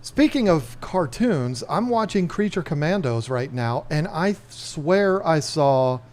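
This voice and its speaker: A man's voice: fairly high pitch, animated, slow pace, darkish tone. A man hosting a casual livestream, chatting and rambling to the camera and his chat. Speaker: livestream host.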